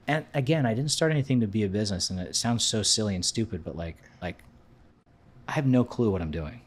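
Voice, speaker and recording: A man in his thirties with a low voice tells a story on a podcast. He talks casually and with energy, and slips into the voices of the people he quotes. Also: fast talker. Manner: animated, acts out quoted dialogue. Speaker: podcast guest.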